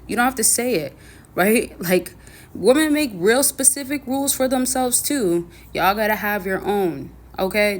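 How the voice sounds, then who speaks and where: A woman talks straight to her viewers, giving dating advice in a loose, rambling way. She restarts her sentences often and leans on fillers as her thoughts run ahead, and her voice sits at an ordinary middle pitch for a woman. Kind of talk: casual advice vlog.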